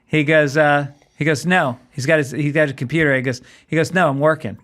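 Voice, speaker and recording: A middle-aged male comedian tells a story on a podcast, acting out the back-and-forth of each exchange. His voice sits slightly high for a man, and his delivery stays conversational. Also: brisk. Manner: animated anecdotal storytelling, acts out dialogue. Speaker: comedian guest. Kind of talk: casual chat.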